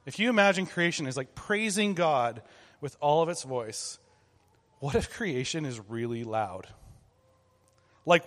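A children's ministry leader with a fairly bright, high-leaning voice guides kids through an interactive object lesson, chatting in an upbeat way and calling for group responses. The recording has a big-room sound.

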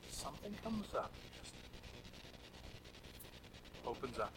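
A man preaching a sermon in an earnest, emphatic way, swinging between loud stressed words and soft asides. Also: medium pitch, sing-song, takes it slowly, noisy background. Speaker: pastor.

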